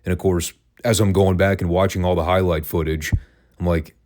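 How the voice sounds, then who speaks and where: A man with a very low, deep voice hosts his own podcast alone. He talks in a relaxed, conversational way, with a dry, sarcastic edge. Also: brisk. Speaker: wrestling podcast host. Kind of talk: casual commentary, solo podcast.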